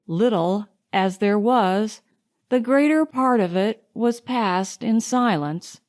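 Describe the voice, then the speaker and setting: Slow-reading woman audiobook narrator. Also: medium pitch, darkish tone. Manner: measured, unhurried reading. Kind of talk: scripted narration.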